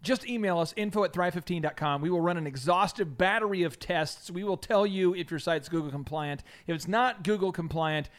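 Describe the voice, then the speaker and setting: A man hosting a comedic business podcast, animated and jokey, slipping into silly put-on voices. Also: sits high, a little fast, few pauses. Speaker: podcast host.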